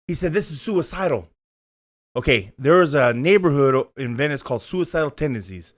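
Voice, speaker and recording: A man's voice: on the high side, expressive, a little fast. A man, telling a story in casual chat, acting out the voices and swearing freely. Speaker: co-host.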